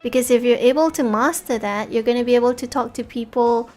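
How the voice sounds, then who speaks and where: High-voiced chatty young Singaporean woman. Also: steady tone, brisk, darkish tone, soft background music. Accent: light Singaporean English. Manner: chatty and giggly, many fillers and restarts. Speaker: VTuber streamer. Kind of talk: casual stream chat.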